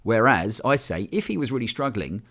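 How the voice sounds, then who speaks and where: A man's voice: mid-range voice, very animated, normal speed, fairly bright tone. A man, talking bluntly and casually in a podcast conversation, swearing freely. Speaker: men's coach, podcast guest.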